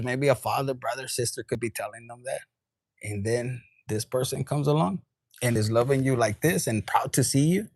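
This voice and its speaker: A man giving a casual, animated tarot reading straight to camera, swearing freely and dropping into quoted voices and bits of Spanish. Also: mid-range voice, moderate pace, no room sound, clean studio sound. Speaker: tarot reader.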